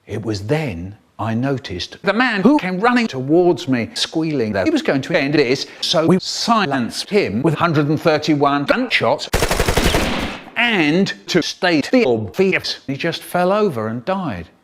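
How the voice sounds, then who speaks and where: A man narrating a comic story, lively and jumping into high silly voices for the quoted lines. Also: measured pace, very noisy.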